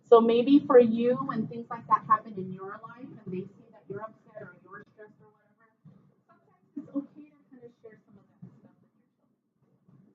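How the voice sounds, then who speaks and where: Fairly high in pitch, this middle-aged woman's voice leads a casual parent workshop, sprinkled with "okay"s and "um"s, as she acts out quotes from parents and children. The recording is a dull, lo-fi room capture with slight background noise.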